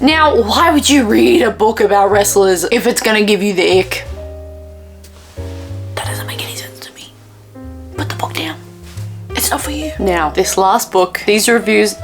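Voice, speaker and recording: An Australian woman book vlogger reading reviews aloud in a casual, blunt, exasperated way, swearing freely and dropping to near-whispered asides. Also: mid-range voice.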